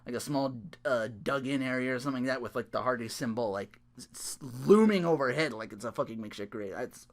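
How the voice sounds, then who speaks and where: A man's voice: mid-range voice, fast talker. A young man recapping a wrestling match in a casual, rambling way, swearing often, laughing a lot and trailing off mid-thought. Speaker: wrestling reaction vlogger.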